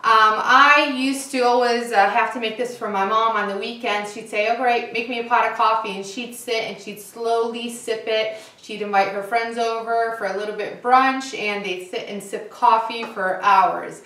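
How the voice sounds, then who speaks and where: A young woman hosting a casual cooking demonstration, chatting in a relaxed way with lots of "uh" and "um" fillers. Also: on the high side, normal speed, hardly any pauses, reverberant. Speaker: cooking show host.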